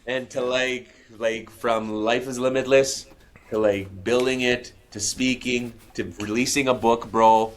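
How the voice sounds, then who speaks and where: A man's voice: medium pitch, fairly even intonation, unhurried. A man guest on a podcast, telling his story in a candid, heartfelt, casual way and calling the host bro and man. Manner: calls the listener bro and man constantly. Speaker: podcast guest, musician and speaker.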